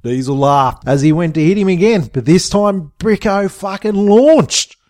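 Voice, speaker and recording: A man narrating a comic story in a profane, expressive way. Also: sits high, unhurried.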